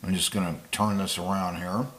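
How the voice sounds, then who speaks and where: A man's voice: low-pitched, level tone, a little fast, a bit bright. A man giving casual spoken commentary to camera, rambling and digressive, with frequent fillers and restarts. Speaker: political commentator.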